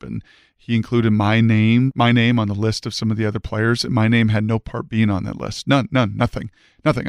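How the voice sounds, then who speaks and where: A man with a gravelly, creaky edge tells a heartfelt story as a podcast guest, earnest and fervent, circling back and restarting his sentences as he goes. His voice sits at an ordinary pitch and sounds dry and close to the mic, with no room around it. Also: no echo. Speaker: podcast guest, former football player. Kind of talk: emotional personal storytelling.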